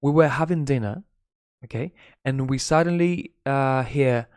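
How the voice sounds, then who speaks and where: A man's voice: mid-range voice, unhurried, darkish tone, smooth, no room sound, clean studio sound. Chatty Spanish-accented man teaching English. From Spain. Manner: chatty, gossipy, swears, mixes Spanish into English. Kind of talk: casual live-stream English lesson.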